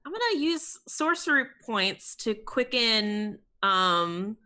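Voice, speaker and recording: A woman playing a tabletop game, excitable and quick to laugh. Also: a little high. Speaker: player.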